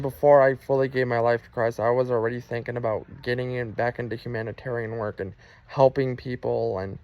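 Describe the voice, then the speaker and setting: A man's voice: mid-range voice, muffled recording. A man telling his personal faith testimony in an earnest, emotional way. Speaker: Christian testimony vlogger.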